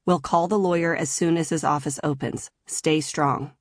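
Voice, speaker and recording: A woman reading the lines of a calm, commanding man who gives curt orders in an audiobook. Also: low voice, moderate pace, no room sound, clean studio sound, lightly acted. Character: cool, commanding male trafficker boyfriend.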